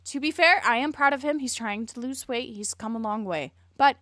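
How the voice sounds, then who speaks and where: A woman's voice: a little high, normal speed, a bit bright, dry recording, studio quality. A woman streaming, chatting casually in a blunt, rambling way and swearing a lot. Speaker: streamer reacting to a video.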